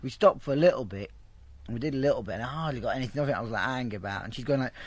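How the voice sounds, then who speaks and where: Speaking very fast at a medium pitch, a man rambles through a heavily profane story during a casual interview, imitating the people he quotes. The recording has no room sound.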